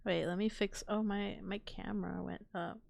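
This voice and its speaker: A woman's voice: mid-range voice, steady tone, moderate pace, gravelly, darkish tone, no echo. A woman streamer chatting casually on a live stream, rambling, giggling often and swearing offhandedly. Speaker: VTuber streamer.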